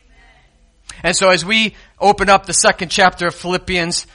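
A male pastor delivering a sermon with a bright, forceful voice pitched a little high. He swings from ringing, emphatic lines to soft, hushed asides. He talks straight to his congregation. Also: fairly even intonation, moderate pace. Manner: dramatic swings between loud emphatic declarations and quiet, hushed asides; speaks directly to the congregation, calling to the kids and the lights operator.

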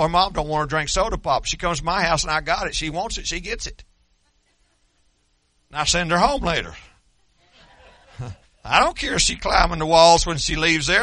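An older man preaching a sermon as a pastor, folksy and joking, rising to fervor, and strained from yelling until he is losing his voice. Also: on the high side, no echo.

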